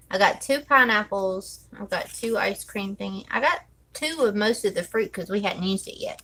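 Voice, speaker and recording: A woman's voice: mid-range voice, normal speed, pushed and bright, slightly rough, rough recording. A woman chatting casually while she decorates her planner, thinking aloud and counting under her breath. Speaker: planner vlogger.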